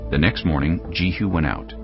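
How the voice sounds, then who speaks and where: Narrator, man, very deep and gravelly, dramatic and measured scripture reading. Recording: dull lo-fi with background music.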